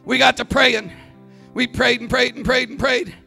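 A man preaching a Pentecostal sermon as a visiting evangelist, telling stories and rising into shouted climaxes. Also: very high-pitched, fairly even intonation, normal speed, creaky. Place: church sanctuary. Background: soft organ music.

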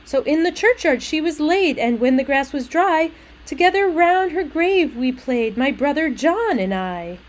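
A woman's voice: high-pitched, lively intonation, unhurried, pitched above the performer's own voice, poor audio. A woman putting on a cheerful little girl's sing-song voice. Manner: sing-song, childlike lilt.

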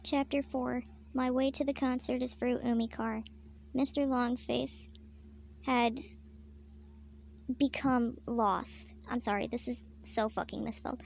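Deadpan woman reading fanfiction aloud. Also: on the high side, moderate pace, creaky, slight background noise. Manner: deadpan, swearing asides. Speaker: fanfiction reader. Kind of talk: comic story reading.

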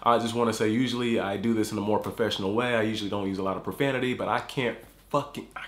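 A man's voice: on the low side, steady tone, very fast. Heated, swearing man in a roomy space. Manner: heated, swearing, repeats himself. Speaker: YouTube reaction host. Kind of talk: angry profane reaction rant.

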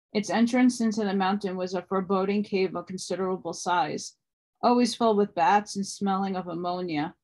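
A woman reading a book aloud at a steady pace, now and then stumbling and restarting a word. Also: medium pitch. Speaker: audiobook reader.

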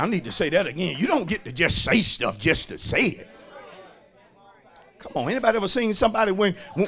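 A pastor a sermon, calling out to the congregation, repeating phrases for emphasis and swinging from shouts to hushed lines. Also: male voice, high-pitched. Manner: call-and-response preaching, swinging between shouts and hushed lines.

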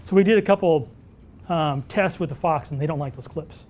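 A man teaching wildlife photography at a live workshop, telling stories and answering audience questions in an animated way. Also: fairly high pitch, a little fast, slight background noise. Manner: animated storyteller who acts out dialogue.

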